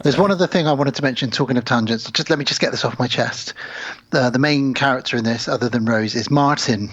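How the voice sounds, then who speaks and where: Husky man, lo-fi sound. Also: mid-range voice, quick pace, fairly bright tone. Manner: storytelling, chatty. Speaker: podcast co-host. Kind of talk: casual film chat.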